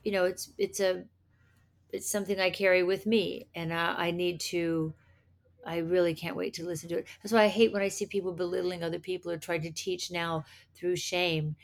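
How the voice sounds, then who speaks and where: Gravelly low-voiced woman guest. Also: little pitch movement. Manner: halting, restarts her sentences. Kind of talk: casual interview chat.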